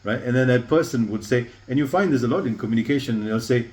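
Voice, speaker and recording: A man's voice: medium pitch, fast, few pauses, darkish tone, poor audio. A man, a leadership coach, explaining ideas thoughtfully in an interview and acting out short example lines. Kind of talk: reflective interview conversation.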